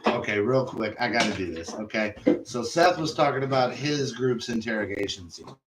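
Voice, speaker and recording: A man's voice: medium pitch, normal speed, slight background noise. A man running a tabletop game, chatting loosely and telling stories about it, swearing freely. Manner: animated, swearing storyteller. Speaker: game master. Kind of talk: casual chat after a tabletop game. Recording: roomy, distant mic.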